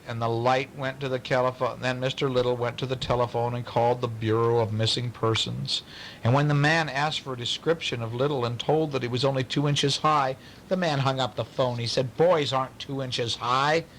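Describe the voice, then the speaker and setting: A man reading a bedtime story aloud to a child, pausing to ask questions in a playful way. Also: mid-range voice, fairly even intonation, fairly bright tone, slight background noise, low-quality recording.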